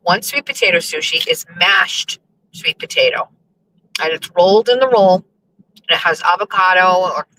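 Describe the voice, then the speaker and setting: A woman's voice: lowish voice, normal speed, pushed and bright, a little hiss or hum, rough recording. A young woman host chatting casually to her listeners while driving, rambling and cursing in exasperation. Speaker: show host.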